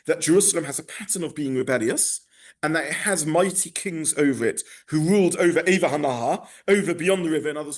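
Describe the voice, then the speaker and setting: A man leads a text class in a lecture style, his voice sitting somewhat high and swinging through a wide, animated range. He stops often for asides, restarts and corrections as he explains. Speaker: rabbi teaching a text class.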